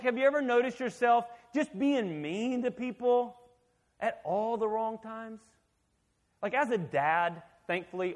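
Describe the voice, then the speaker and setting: Animated man preaching a sermon. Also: on the high side. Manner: conversational, animated, asks the audience questions. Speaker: pastor.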